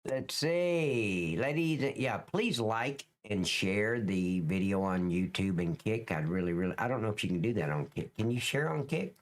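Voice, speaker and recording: A man's voice: lowish voice, animated, normal speed, hardly any pauses. A middle-aged man hosting a live stream, chatting casually with viewers in a joking, crude, rambling way. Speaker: livestream host.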